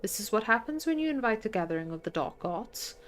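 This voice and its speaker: A woman's voice: a little high, big pitch swings, a little fast, slight background noise. A woman playing a prim, pious old housekeeper. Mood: indignant. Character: pious sharp-tongued older housekeeper woman.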